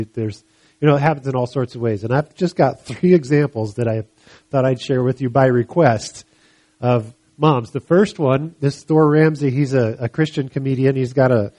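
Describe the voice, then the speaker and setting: A man giving a casual, halting, joking talk to a congregation. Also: medium pitch, mellow. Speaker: church speaker.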